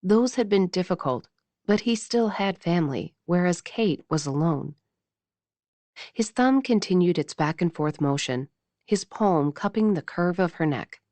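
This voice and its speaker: A woman narrating a romance audiobook in a measured, intimate reading style on a close mic. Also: fairly low pitch, lively intonation, darkish tone, dry recording.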